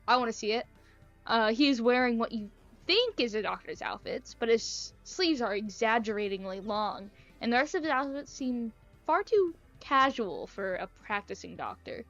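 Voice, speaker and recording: A woman's voice: a little high, lively intonation, moderate pace, highs cut off, soft background music. A young woman reading a visual novel aloud, with playful, chatty, self-mocking asides. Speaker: gaming video creator.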